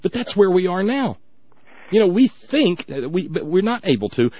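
A man's voice: high-pitched, big pitch swings, moderate pace, slightly rough, no echo. Wry man telling a story, muffled. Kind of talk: casual political talk.

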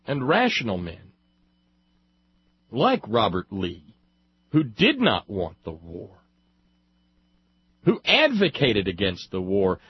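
Impassioned husky-voiced male commentator. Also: on the low side, huge pitch swings, takes it slowly, pauses often, no room sound. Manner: emphatic, building lists with rising force. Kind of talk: impassioned opinion monologue. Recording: dull lo-fi dry recording.

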